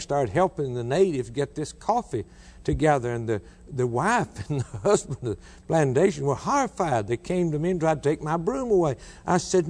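A man preaching a sermon, telling a story in a folksy way, repeating himself, and climbing high on emphatic quoted lines. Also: a little mellow, in a large hall. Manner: folksy, with repeated words and asides.

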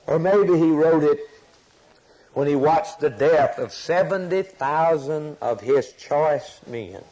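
Male preacher, impassioned sermon delivery, slow with a husky edge. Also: mid-range voice, low-quality recording. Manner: impassioned, rising to sudden loud peaks.

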